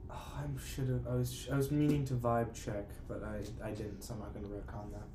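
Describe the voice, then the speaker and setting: A man playing a tabletop game, talking in a halting, self-correcting way. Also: medium pitch, level tone, music in the background. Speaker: player. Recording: echoey room, faint noise.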